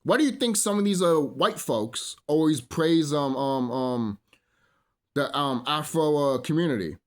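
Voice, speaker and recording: A man's voice: fairly high pitch, lively intonation, unhurried. A man ranting in a solo monologue, profane and rambling, full of fillers, preaching to his listeners as brothers and sisters. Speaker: vlogger.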